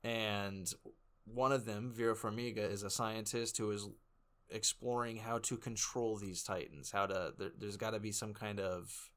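A man co-hosting a movie review podcast, relaxed and joking, laughing often. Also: on the low side, normal speed. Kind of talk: casual chat.

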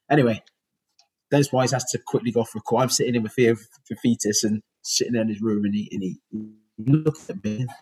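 A man in his forties from Bristol, England, formerly a goalkeeper, shares rambling interview stories casually, restarting often, in Bristol English. His mid-range voice is a little mellow and slightly rough, and the audio is poor.

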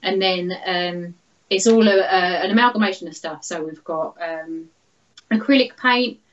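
A woman, a guest artist talking casually in an interview, often laughing and filling pauses with "um". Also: fairly low pitch, lo-fi sound. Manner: chatty, laughs often, many fillers.

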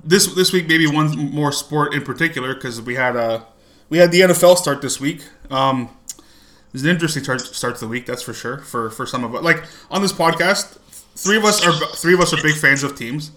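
Easygoing male podcast host, bright voice. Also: fairly high pitch, fairly quick. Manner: laid-back, agreeable, chuckles often. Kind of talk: casual chat.

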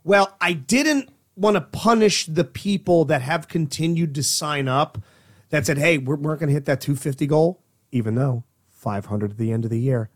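A man co-hosting a podcast, bantering casually and breaking into loud laughter. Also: on the high side. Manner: loud bursts of laughter, quick plugs. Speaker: podcast co-host.

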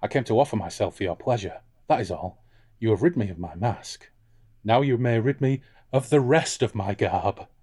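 A man's voice: on the low side, lively intonation, moderate pace, darkish tone, slightly rough. A man reading as a bold, seductive noblewoman.

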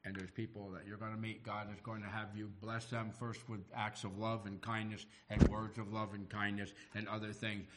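A middle-aged man delivers a sermon in a fairly low voice. He preaches with animation and acts out the people he quotes. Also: level tone, moderate pace, hardly any pauses, fairly bright tone, slight background noise. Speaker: pastor.

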